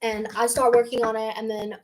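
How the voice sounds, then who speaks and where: A young teenage girl casually telling a school story, animated and swearing freely as she acts out what people said. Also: a little high, fairly quick, a little hiss or hum. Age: young teen.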